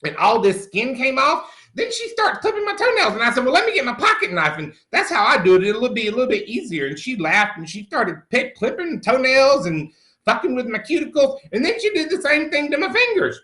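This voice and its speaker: Very high-pitched and swinging widely in pitch, the voice moves a little fast, bright and forceful in full character. It belongs to a middle-aged comedy host improvising a monologue as a crude, brash country man, cursing freely and calling everyone honey, recorded with a roomy echo.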